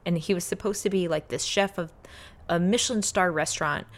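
This woman, a professional baker and podcast co-host, spins stories in a relaxed conversational way, dropping "like" constantly as filler. She speaks briskly in a lowish voice.

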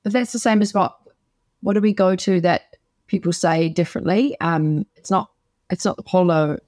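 A woman's voice: lowish voice, normal speed, a little mellow, no room sound, studio quality. A woman co-hosting a podcast, chatting enthusiastically and rambling with plenty of fillers. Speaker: podcast co-host. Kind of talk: casual chat.

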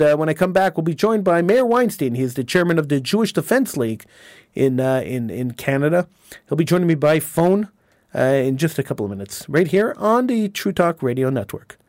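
A man's voice: fairly high pitch, dry recording. A man hosting a talk radio show, delivering an emphatic, indignant monologue and often repeating his words.

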